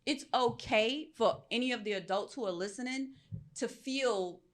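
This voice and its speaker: A woman's voice: fairly high pitch, normal speed. A woman with a slightly raised voice co-hosts a live panel, talking candidly about her own struggles. She speaks with emphasis and keeps checking in with her listeners. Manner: open, emphatic, asks "right?" often. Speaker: podcast co-host.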